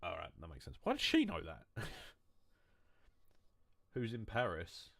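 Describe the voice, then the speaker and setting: A man's voice: on the low side, wildly swooping pitch, unhurried, gravelly, a bit bright, no echo. A man streaming a game, chatting casually in a rambling, joking way, mocking himself and swearing freely. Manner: loose, wandering talk with restarts. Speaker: gaming streamer.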